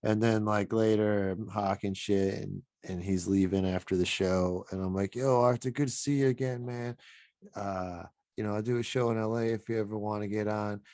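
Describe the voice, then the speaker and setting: A man co-hosts a casual podcast, a stand-up comic with a low, dry, close-miked voice. He tells stories with animation and slips into the voices of the people he quotes. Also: moderate pace, no room sound. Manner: animated storyteller who acts out quoted voices. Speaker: podcast co-host and stand-up comedian. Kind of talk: casual podcast chat and storytelling.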